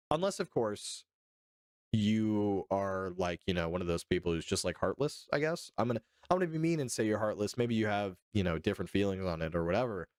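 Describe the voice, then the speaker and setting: A man's voice: fairly low pitch, no room sound, clean studio sound. A young man from Arizona hosting a casual political livestream, chatting with viewers and reading articles aloud with loose, profane asides. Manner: loose, profane, chatty, answers chat by name.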